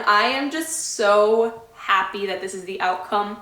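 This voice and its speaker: A woman's voice: mid-range voice, fairly even intonation, measured pace, few pauses, bright, forceful tone. A woman vlogger talking to camera in a casual sit-down chat, heartfelt and rambling, often losing her train of thought. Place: indoor room away from her home. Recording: echoey room.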